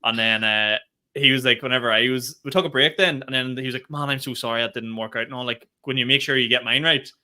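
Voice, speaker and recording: A young man co-hosting a comedy podcast, telling animated stories in casual chat and swearing freely. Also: medium pitch, quick pace.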